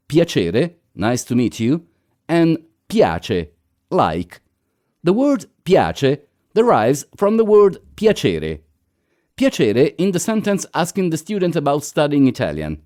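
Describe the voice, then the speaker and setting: A man reads a beginner language lesson in a slow, measured way. His voice is mellow and fairly high for a man, with a very lively rise and fall. The delivery is scripted narration, one rule at a time. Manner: slow, measured reading of dialogues and rules. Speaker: language teacher.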